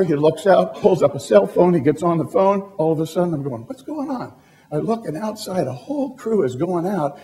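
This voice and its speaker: Animated higher-voiced man telling a story. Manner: animated, acts out dialogue in the story. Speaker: motivational speaker. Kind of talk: storytelling talk to an audience.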